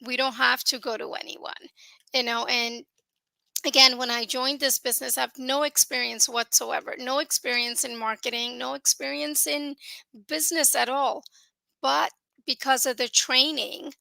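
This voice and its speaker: A woman's voice: high-pitched, level tone, normal speed, gravelly, pushed and bright, dry recording. A woman giving an earnest testimonial on a video call. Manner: earnest, acts out quoted people. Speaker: business partner giving a testimonial.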